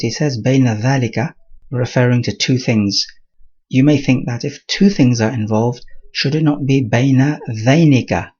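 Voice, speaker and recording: A man teaching a Quran commentary lesson in a measured, explanatory way, with Arabic terms mixed into his English. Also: mid-range voice, a little mellow, breathy edge, dull audio.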